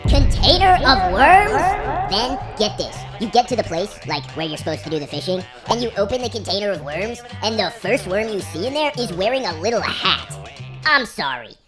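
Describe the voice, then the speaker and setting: A woman telling an absurd comic story as a monologue, exasperated and deadpan. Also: medium pitch, a little fast, few pauses. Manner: exasperated, deadpan storytelling, lively swings between voices. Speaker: comedian. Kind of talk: comedic monologue. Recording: music behind the voice.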